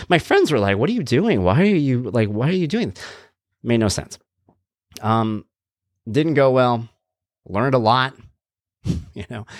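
In a dry recording, this Long Island, New York podcast host in his thirties uses a mid-range voice. His story is casual and self-mocking, and he performs the voices of the people he quotes.

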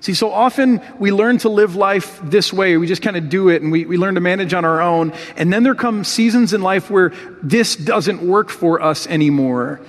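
A man's voice: sits high, moderate pace, long reverb tail. A man preaching a sermon in an earnest, heartfelt way, reading scripture with rising emotion. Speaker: pastor.

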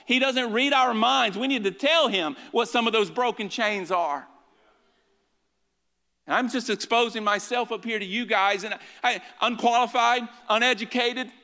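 High, bright-voiced preaching man in a reverberant hall. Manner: impassioned preaching, swings between loud urging and hushed asides. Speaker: pastor. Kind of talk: sermon. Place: church sanctuary.

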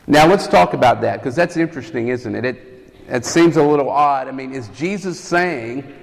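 A man's voice: mid-range voice, moderate pace, vocal fry. A man preaching a sermon, teaching earnestly and asking his listeners rhetorical questions. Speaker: campus ministry preacher. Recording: long reverb of a hall.

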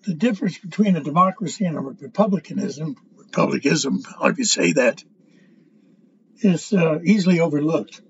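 An older man giving a casual political monologue, rambling and halting, often stumbling over his words. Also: on the high side, lively intonation, dull audio, slight background noise. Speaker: political commentator.

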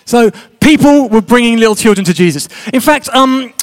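A man's voice: very high-pitched, expressive, normal speed, soft background music. A man preaching a sermon, chatty and joking with his congregation.

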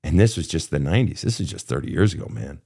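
A man's voice: very deep voice, animated, quick pace, creaky, a little mellow, slightly rough. A man in his fifties coaching a guest through childhood pain in a blunt, profane, impassioned way. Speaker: therapist host. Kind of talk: emotional coaching session.

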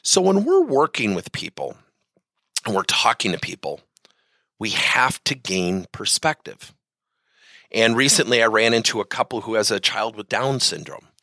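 A middle-aged man giving a motivational talk to business leaders, telling stories and swinging his pitch widely for emphasis. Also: big pitch swings, normal speed, gravelly, sharp tone, no room sound. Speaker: business speaker addressing leaders.

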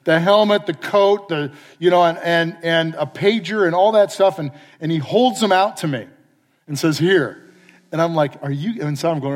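Male pastor, slightly high voice, animated storyteller, long reverb from a church hall. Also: moderate pace. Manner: animated storyteller acting out his own lines. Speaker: pastor and fire chaplain. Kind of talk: storytelling sermon.

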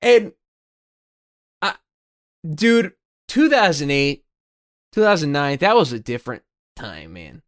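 Male co-host, 30s, rambling, profane, restless; voice sits a bit high with lively swings. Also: slow pace, pauses often. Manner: rambling, swears freely, many restarts. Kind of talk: casual chat.

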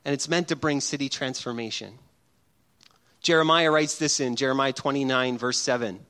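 A middle-aged man preaching a sermon as pastor, animated and humorous, often acting out little scenes. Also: medium pitch, moderate pace, clear, resonant tone.

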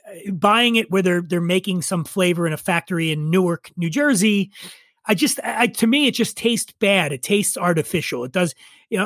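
A middle-aged man with a high voice talks in a loose, profane, opinionated way, spinning stories in casual conversation. The sound is dry and close. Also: fairly bright tone, dry recording. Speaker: podcast guest. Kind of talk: casual chat.

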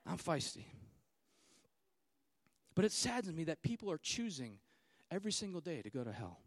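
A man in his thirties preaching a sermon, swinging between loud, fiery declarations and hushed, quiet stretches. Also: a little high, very animated, normal speed, no echo. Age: 30s. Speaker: pastor.

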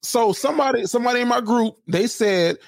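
A man's voice: very high-pitched, fairly quick, no room sound, studio quality. Chatty man on a comedy podcast. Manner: chatty, retells stories with quotes, laughs along. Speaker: podcast co-host. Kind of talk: casual comedic chat.

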